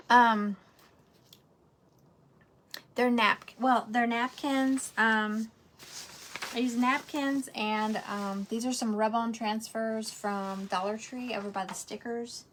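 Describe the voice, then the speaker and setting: A woman's voice: a little high, fairly even intonation, slow, pauses often, a bit bright, a little hiss or hum. Chatty woman hosting a craft stream. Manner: chatty, rambling, talks straight to viewers. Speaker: craft livestream host. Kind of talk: casual craft livestream chat.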